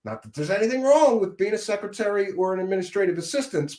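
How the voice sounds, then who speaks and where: Man, high lively voice, sneering rant, echoey room. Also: fast, hardly any pauses. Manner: mocking, combative, swings between shouting and muttering. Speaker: commentary show host. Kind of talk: ranting live-stream commentary.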